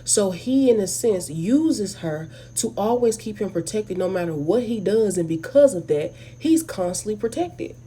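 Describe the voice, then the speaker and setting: A woman with an African American English accent giving a blunt, animated, casual movie review straight to her viewers. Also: medium pitch, normal speed, few pauses, slight background noise. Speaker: video host.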